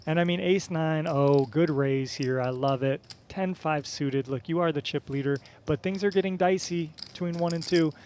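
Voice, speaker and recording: A man's voice: on the high side, moderate pace, few pauses, darkish tone, slight background noise. A man giving live poker commentary in a chatty, coaching manner, explaining strategy as he goes.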